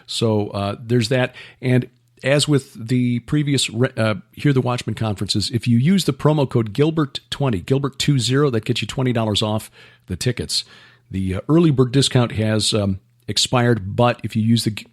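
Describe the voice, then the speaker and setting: Male podcast host, mid-pitched, unhurried, chatty with plenty of ums. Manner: relaxed, many fillers and restarts, lists events. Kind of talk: casual chat.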